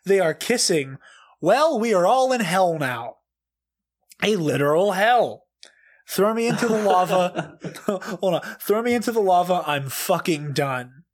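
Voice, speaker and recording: A high-pitched man reads aloud with slow, drawn-out delivery and theatrical outrage. He swears freely and breaks into laughter often. His desk mic sits pushed back and turned down. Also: lively intonation. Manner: profane, over-the-top and laughing often. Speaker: comedic reader. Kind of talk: dramatic comedic reading.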